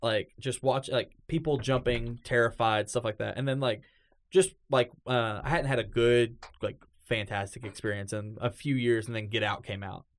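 A man's voice: medium pitch, normal speed. A man hosting a casual chat, telling stories with lots of swearing and acted-out quotes. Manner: animated storyteller, swears freely, acts out quotes. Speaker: podcast host.

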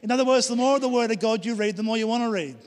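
Pastor preaching with fervour, ringing hall. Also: male voice, very high-pitched, rapid-fire. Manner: enthusiastic, emphatic preaching with repeated phrases. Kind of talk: sermon. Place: church hall. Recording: long hall reverb.

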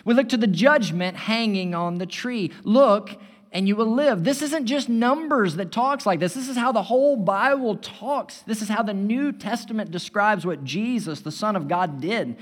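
A man preaching a sermon as pastor, building loud and emphatic and then dropping to a hushed tone. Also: sits high, expressive, normal speed, hardly any pauses. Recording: long hall reverb.

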